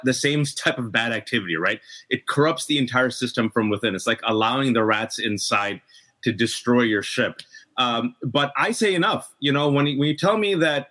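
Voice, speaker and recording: A man's voice: mid-range voice, fairly bright tone. A middle-aged man speaking as a guest in a political discussion, impassioned and emphatic. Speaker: podcast guest.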